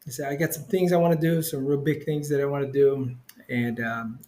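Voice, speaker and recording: A man's voice: steady tone, brisk, warm tone. A middle-aged man, a spiritual healer, telling his story in a casual, rambling way, full of "you know" fillers. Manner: acts out quoted voices with big pitch jumps. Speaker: interview guest, spiritual healer.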